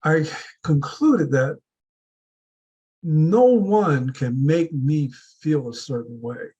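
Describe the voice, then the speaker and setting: A man giving a deliberate motivational speech to a club audience, building his points with repeated rhetorical questions. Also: a little high, dark tone, husky, highs cut off. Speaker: club speaker.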